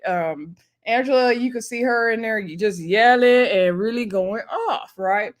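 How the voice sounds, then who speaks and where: Woman host, casual recap voice, mid pitch, animated retelling with quick laughs. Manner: chatty, laughs often, lively retelling with voiced quotes. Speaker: reality show recap host.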